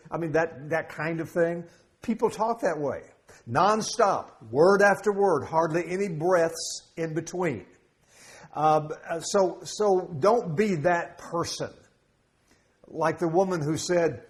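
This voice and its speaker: A man's voice: fairly high pitch, a little slow. A middle-aged man preaching a sermon as pastor, conversational and humorous, with jokes and asides. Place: church sanctuary.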